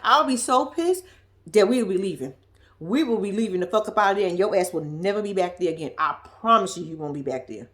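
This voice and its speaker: A woman's voice: mid-range voice, animated, quick pace, fairly bright tone. A woman recaps a reality TV episode in casual commentary, blunt and profane. She repeats her points for emphasis, and her voice swings widely up and down as she talks.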